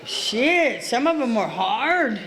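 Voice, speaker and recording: A woman's voice: fairly high pitch, big pitch swings, slow pace, background noise. A middle-aged woman speaking at a recovery meeting, telling her story in a blunt, streetwise, profane way. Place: meeting hall.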